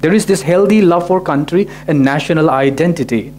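Pastor preaching over soft guitar. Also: male voice, fairly high pitch, brisk. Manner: restates key points, frequent "right?" checks. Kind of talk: sermon. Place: church in Tokyo.

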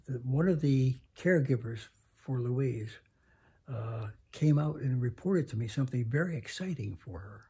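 A man in his nineties telling a story slowly, halting with many pauses and restarts. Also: mid-range voice, animated, warm tone, slightly rough. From United States. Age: 90s. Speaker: interview guest. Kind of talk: reflective storytelling. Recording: home interview.

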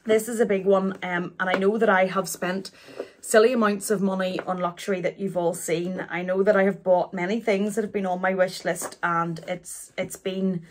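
A woman, chatting through an unboxing in a halting, emotional way, with many restarts. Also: medium pitch, steady tone. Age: 40s. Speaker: luxury vlogger.

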